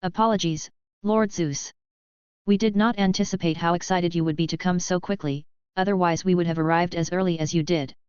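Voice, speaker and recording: A woman's voice: fairly low pitch, fairly even intonation, a little fast, a little mellow, smooth, no room sound, close to an everyday voice. A woman voicing a stoic, formal male bodyguard who speaks politely and coolly. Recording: dull lo-fi audio.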